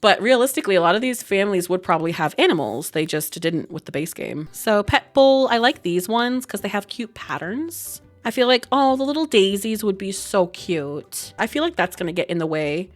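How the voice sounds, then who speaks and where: A young woman casually commenting while she plays a life-sim game, chatty and giggly, breaking into high squeals over cute moments. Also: animated, normal speed, few pauses, faint music behind. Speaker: gaming video creator. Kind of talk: casual let's-play commentary.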